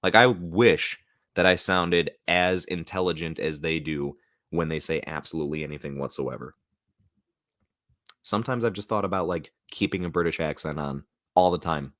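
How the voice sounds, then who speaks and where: A man's voice: low voice, moderate pace, fairly bright tone, no room sound, clean studio sound. An American man hosting a casual live stream, rambling loosely with lots of fillers. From United States. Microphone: new studio mic.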